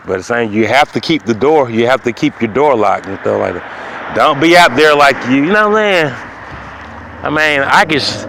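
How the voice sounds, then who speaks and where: A man hosting his own show, delivering a rambling comic monologue in a preachy, repetitive way that swings from loud to muttering. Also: mid-range voice. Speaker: show host.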